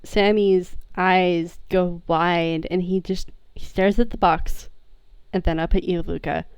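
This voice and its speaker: A woman playing a tabletop role-play game, describing her character's actions in a slow, tentative way. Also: fairly low pitch, fairly even intonation, darkish tone, smooth, no room sound. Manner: slow, tentative, asks before acting. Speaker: player.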